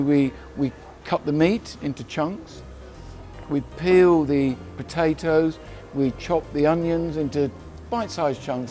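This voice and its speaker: A man's voice: on the high side, mellow. Chatty man from London explaining a recipe. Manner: chatty, rambling, corrects himself. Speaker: cook. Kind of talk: casual cooking demonstration.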